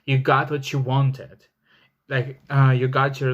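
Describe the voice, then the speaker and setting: A man's voice: mid-range voice, completely flat delivery, slow, lo-fi sound. Man, giving an emphatic tarot reading. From Russia. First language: Russian. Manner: chatty and emphatic, heavy on "like" fillers and swearing. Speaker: tarot reader. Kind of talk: casual tarot reading to camera.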